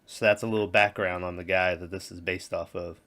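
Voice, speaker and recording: A man's voice: deep voice, steady tone, brisk, sharp tone. A man co-hosting a casual movie podcast, rambling crudely and acting out scenes in silly voices. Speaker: podcast co-host.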